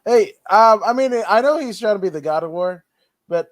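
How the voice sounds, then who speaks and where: Male co-host, fairly high voice, dry sound, relaxed profane banter. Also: normal speed, no echo. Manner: loose, joking, swears freely. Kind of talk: casual podcast chat.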